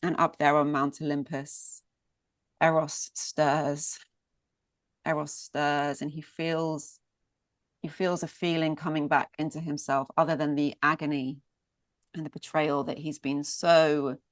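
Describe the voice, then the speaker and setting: Slow low-voiced woman storyteller. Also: level tone, no room sound. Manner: lingering, repeats words for emphasis. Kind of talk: mythic storytelling.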